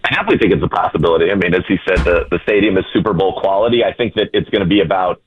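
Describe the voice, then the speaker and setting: A man calling in to a sports radio show as a reporter, explaining his points in a measured way. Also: low-pitched, lively intonation, a little hiss or hum. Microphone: phone line. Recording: tinny phone line.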